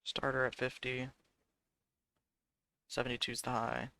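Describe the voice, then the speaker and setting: A man's voice: mid-range voice, level tone, unhurried, creaky, bright, forceful tone, no echo. A man giving live commentary on his own day trading, muttering prices and cursing when trades go wrong.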